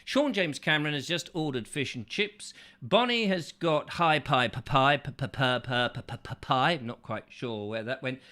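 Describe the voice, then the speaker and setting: A man's voice: medium pitch, lively intonation, moderate pace, few pauses, pushed and bright. A man hosting a comic chat show, rambling playfully with lots of hesitations and silly wordplay, recorded in a studio. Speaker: host.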